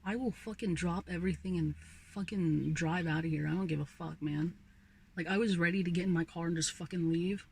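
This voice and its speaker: A woman's voice: on the low side, steady tone, brisk, creaky, a little mellow, breathy edge. A young woman vlogger ranting casually about her old job, swearing freely and sighing often. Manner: profane, ranting, sighs often. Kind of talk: casual rant.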